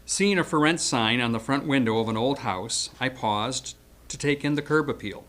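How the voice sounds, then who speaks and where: Older man around 70, eulogist, mid pitch, bright edge, hesitant fillers then lively storytelling. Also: moderate pace. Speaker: eulogist, old friend of the deceased. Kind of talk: reading a prepared eulogy.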